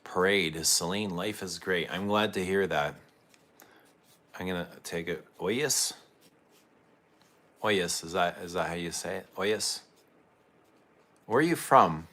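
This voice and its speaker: Low, bright-voiced man hosting a livestream. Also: normal speed. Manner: chatty, greets viewers and reads their comments aloud. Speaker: perfume livestream host. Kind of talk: casual livestream chat with viewers.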